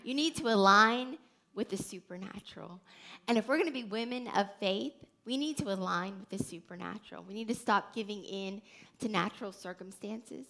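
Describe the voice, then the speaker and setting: A woman hosting a faith teaching podcast, telling stories in an earnest, animated way with many restarts. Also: medium pitch, normal speed. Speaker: podcast host.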